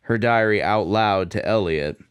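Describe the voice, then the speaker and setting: A man co-hosting a podcast, calmly explaining a film's plot in casual chat. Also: fairly low pitch, measured pace, smooth, no echo, clean studio sound. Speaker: podcast co-host. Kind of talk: casual movie recap chat.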